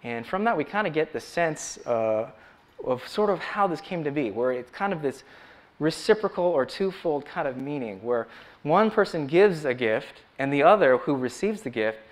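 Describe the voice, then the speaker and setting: A church elder giving a sermon, opening with a slow scripture reading, then talking in a relaxed way with many ums and uhs. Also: male voice, medium pitch. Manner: conversational, frequent ums and uhs.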